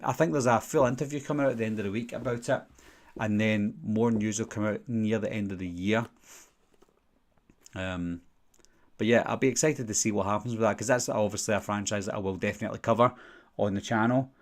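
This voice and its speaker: A man's voice: lowish voice, steady tone, fairly quick. A young man with a Glaswegian Scottish accent, hosting a casual live-stream Q&A and rambling through viewer questions with many fillers. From Scotland. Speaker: channel host.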